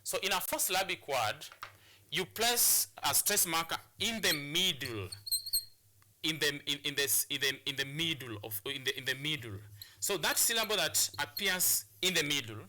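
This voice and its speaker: Male TV teacher, bright and slightly high voice, stop-start and repetitive delivery. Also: animated, moderate pace, a little hiss or hum. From Kenya. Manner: repeats phrases, stop-start explaining. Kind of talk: classroom lesson on TV.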